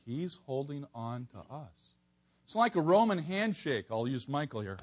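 A man preaching an expository sermon to a congregation, animated, swinging from soft asides to near-shouted emphasis. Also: a little high, measured pace.

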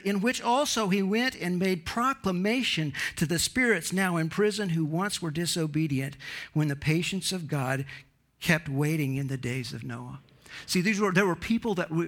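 A man's voice: a little high, a bit bright. A man preaching a sermon in an earnest, emphatic way, lifting his voice on key points.

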